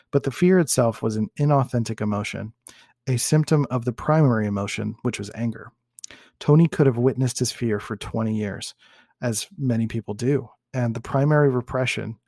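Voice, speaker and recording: Gravelly-voiced man reading a lesson. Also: medium pitch, mellow, no room sound, studio quality. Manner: measured, explanatory reading with self-corrections. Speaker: host and teacher. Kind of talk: reading a case study aloud in a teaching talk.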